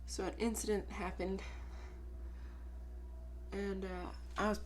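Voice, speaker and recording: A woman's voice: medium pitch, level tone, moderate pace, long pauses. Woman, vlogger, casual confessional chat, blunt and rambly, mid-height voice, faint hiss behind. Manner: rambling, frank, swears freely; many fillers and restarts, talks herself through thoughts.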